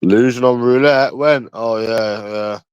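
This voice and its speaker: London man livestreaming, mid-pitched, loose and foul-mouthed, dry room tone. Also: steady tone, measured pace, darkish tone, clear, resonant tone, dry recording, muffled recording. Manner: crude and heavy on swearing. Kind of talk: rambling casual livestream chat.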